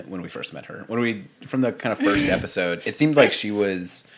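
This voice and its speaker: A man with a very deep, low voice co-hosts a casual chat podcast. He talks in an easygoing way and drops dry, wry remarks. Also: normal speed. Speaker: podcast co-host.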